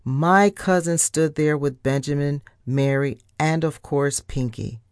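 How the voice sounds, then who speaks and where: A woman's voice: measured pace, smooth, dry recording, clean studio sound. A woman reading a children's story aloud and voicing each character. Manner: voices characters with lively pitch jumps. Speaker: audiobook narrator.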